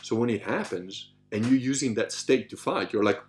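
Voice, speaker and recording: A man hosting a podcast, telling stories in a loose, animated way, swearing casually and acting out what others said. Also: mid-range voice, normal speed. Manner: animated, swears casually, acts out quoted voices. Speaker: podcast host. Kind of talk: casual anecdotal storytelling.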